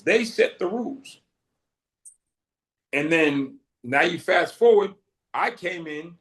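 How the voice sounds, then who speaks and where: With a fairly high pitch and fairly bright tone, a middle-aged man from Boston recounts his story as an interview guest. He acts out the dialogue he quotes in vivid fashion, and the recording carries a roomy echo.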